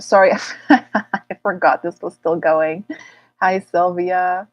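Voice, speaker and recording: A woman's voice: fairly low pitch, steady tone, slow pace, no echo. A woman astrologer hosting a live Q&A, chatting playfully and calling out viewers' names while getting over an illness. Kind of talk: casual livestream chat.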